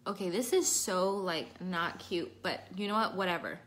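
This makeup vlogger has a lowish, a bit bright voice and a moderate pace. Working through a tutorial at home indoors, she chats casually and scatteredly, interrupting herself to speak to viewers and her child.

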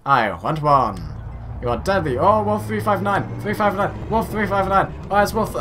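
Animated man rambling over gameplay. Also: high-pitched, normal speed, noisy background. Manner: rambling, self-mocking, chatty asides to himself. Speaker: gaming video host. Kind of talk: casual gameplay commentary.

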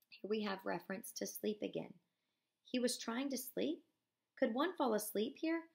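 Gravelly-voiced teacher reading aloud. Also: female voice, on the high side, animated, a little mellow. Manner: measured reading, casual asides. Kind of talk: reading a novel aloud with comments.

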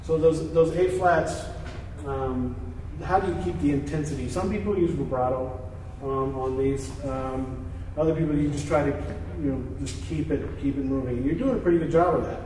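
Brief: male masterclass teacher, halting and relaxed, voice fairly high, heard from a distance in a reverberant hall. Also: slight background noise. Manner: relaxed, hesitant, sings phrases to demonstrate. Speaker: tuba teacher. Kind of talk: masterclass coaching. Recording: echoey hall from far off, faint ambience.

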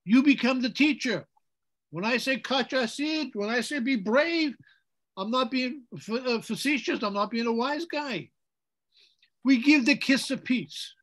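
A man, a priest, leading an informal Bible study, animated as he chants liturgical phrases and quizzes the group. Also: very high voice, normal speed.

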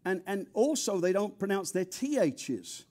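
An older man from near London preaching a sermon with an English accent, animated and humorous, dropping from loud emphasis to quiet asides. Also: sits high, measured pace. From England. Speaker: pastor.

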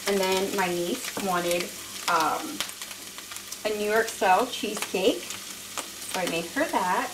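A woman's voice: medium pitch, takes it slowly, long pauses, background noise. A woman hosting a home cooking video, chatting casually and poking fun at herself while she cooks at the stove. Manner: chatty, self-mocking, laughs often.

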